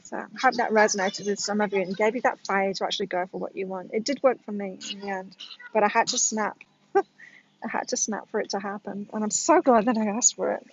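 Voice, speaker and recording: A woman's voice: medium pitch, fairly even intonation, a little fast, slightly rough, lo-fi sound. A woman in her late forties telling a personal story to her viewers in a candid, casual way, often checking in with "right?", as an astrology reader. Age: 40s. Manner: candid, frank, addresses viewers directly with "right?".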